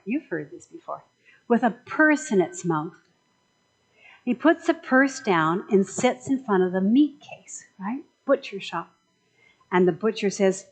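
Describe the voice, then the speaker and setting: A woman's voice: mid-range voice, poor audio. A woman minister giving a chatty, joking sermon in a conversational way.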